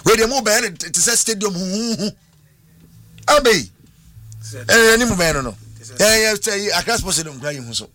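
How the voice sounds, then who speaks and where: A Ghanaian man hosting a radio show, bantering and sending birthday greetings in a lively, jokey way. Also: brisk, pauses often, no echo. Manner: lively, switches between languages, jokey, jumps up in pitch. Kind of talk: casual banter and birthday shout-outs.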